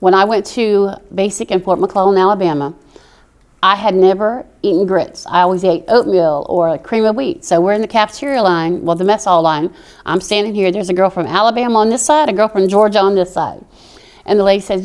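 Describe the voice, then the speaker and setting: A woman's voice: mid-range voice, a little fast, a little mellow. A middle-aged woman from Oklahoma with a Southern accent, telling stories in a chatty way as a veteran being interviewed. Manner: storytelling, chatty. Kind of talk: interview answers.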